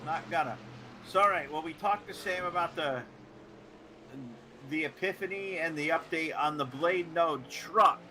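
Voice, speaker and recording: Man, race commentator, sardonic banter, slightly high voice, engine noise behind. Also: unhurried, pushed and bright. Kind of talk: play-by-play sim racing commentary.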